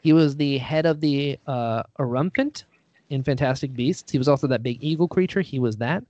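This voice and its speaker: A man's voice: medium pitch, normal speed, darkish tone, no echo, highs cut off. A man, an actor and writer being interviewed, talking casually and rambling with lots of fillers, a little self-deprecating.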